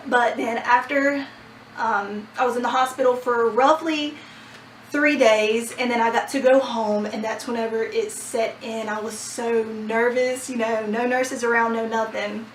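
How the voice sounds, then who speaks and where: Animated young woman telling a story, roomy. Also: a little high, a little slow, slight background noise. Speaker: vlogger. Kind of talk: casual storytime. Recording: roomy sound from a distant mic.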